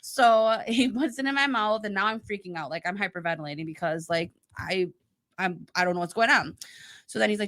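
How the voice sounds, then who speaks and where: Bright-voiced woman telling a story. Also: mid-range voice, a little fast. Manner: animated storyteller, acts out her own past lines. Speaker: podcast co-host. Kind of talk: casual chat.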